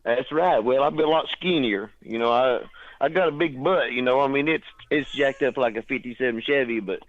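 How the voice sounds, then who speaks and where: A man's voice: medium pitch, fairly quick. A man with an East Tennessee accent, a songwriter calling in, chatting in a folksy, drawling way. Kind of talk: casual phone chat. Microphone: phone. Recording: tinny phone line.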